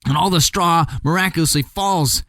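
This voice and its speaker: A man's voice: on the high side, normal speed, creaky, fairly bright tone, no echo. A man telling a fairy tale casually, with chatty, joking asides to the listener. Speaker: storyteller. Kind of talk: casual comic storytelling.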